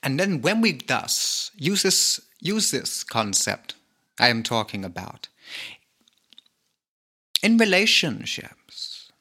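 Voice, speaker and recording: A British man with a mixed Cockney and Glaswegian accent hosts his podcast in a theatrical spiritual monologue. His bright voice swings widely in pitch as he draws phrases out slowly, tossing in teasing asides. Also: big pitch swings, slightly rough. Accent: mixed Cockney and Glaswegian Scottish. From Britain. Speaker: podcast host.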